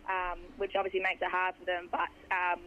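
A young Australian woman with a hoarse voice, a footballer chatting in a rambling way with lots of fillers during a phone interview. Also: fairly low pitch, monotone, a little fast, a little hiss or hum. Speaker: footballer guest. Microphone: phone line. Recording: dull phone line.

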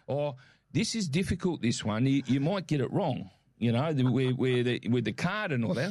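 A man with an Australian accent, co-hosting a casual show and telling a lively shopping story, acting out the voices in his quotes. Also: medium pitch, normal speed. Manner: animated, acts out quoted voices. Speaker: podcast co-host.

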